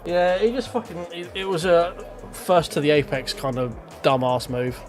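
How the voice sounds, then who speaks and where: A man's voice: fairly high pitch, moderate pace, soft background music. A man chatting loosely to his stream while driving a racing sim, thinking aloud and swearing casually. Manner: rambling, self-talking, casual swearing. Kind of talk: live gameplay commentary.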